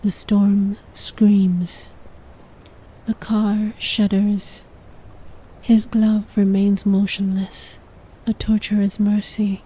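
A woman's voice: mid-range voice, level tone, extremely slow, dark tone, breathy edge, low-quality recording. A woman narrating a sensual story in the second person, in a whispered role-play.

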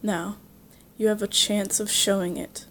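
A careworn old merchant father from a fairy tale, heavy and grave in his speech, read aloud by a woman. His words come slow and burdened. A faint hum lies underneath. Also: mid-range voice, little pitch movement, fairly bright tone, natural voice.

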